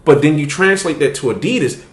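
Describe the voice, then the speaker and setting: A man's voice: fairly high pitch, animated, a little fast, echoey room. A man hosting a podcast, telling a story in casual, profane chat and laughing as he goes. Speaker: podcast host.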